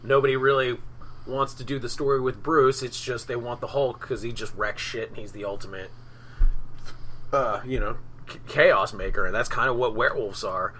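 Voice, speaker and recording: A man with a bright, tense edge to his voice rambles through casual podcast talk, circling back and restarting his thoughts. His pitch is average for a man, and a light hiss sits in the background. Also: steady tone, normal speed, rough recording. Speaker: podcast co-host. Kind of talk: casual chat.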